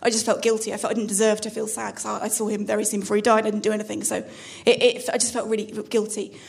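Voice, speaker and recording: A woman doing a halting, self-deprecating stand-up set on a club stage, full of restarts. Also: medium pitch, flat delivery, gravelly. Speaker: stand-up comedian.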